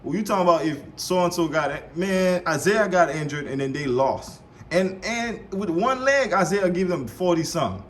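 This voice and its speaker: A man reacting live to a debate show clip, heated and animated, repeating himself and swearing. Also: high voice, moderate pace, a little hiss or hum. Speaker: reaction streamer.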